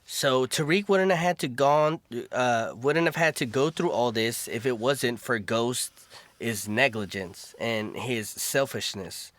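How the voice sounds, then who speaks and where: A man's voice: mid-range voice, slow, a bit bright, no echo. A man co-hosting a casual podcast, laying out his reasoning step by step. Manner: thoughtful, explaining reasons step by step. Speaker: podcast co-host. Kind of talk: casual chat.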